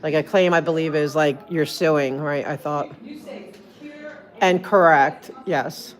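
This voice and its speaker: A woman's voice: deep voice, steady tone, slow pace. A woman with a New Jersey accent, livestreaming in a rambling, chatty way full of restarts, recorded on a handheld phone. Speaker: streamer. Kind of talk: casual livestream chat.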